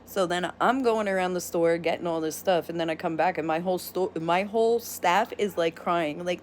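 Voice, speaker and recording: A woman vlogger telling a story in a casual, animated rant, blunt and sometimes profane. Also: lowish voice, moderate pace, few pauses, slight background noise.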